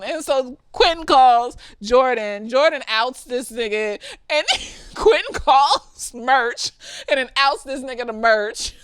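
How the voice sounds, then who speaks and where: A woman therapist giving a casual, slightly tipsy movie review, animated and profane, laughing often. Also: fairly high pitch, clear, resonant tone, no room sound.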